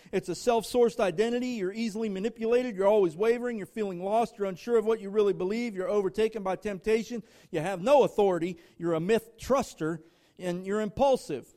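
Speaking fast with hardly any pauses, a man with a high-pitched, darkish voice preaches as a guest to a congregation. His delivery is emphatic, built on rhythmic runs of short phrases aimed straight at the listeners.

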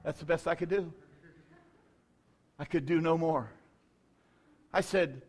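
A middle-aged male pastor telling a self-deprecating story in a sermon, dropping to quiet asides and rising to shouts. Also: on the high side, measured pace, long pauses. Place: church.

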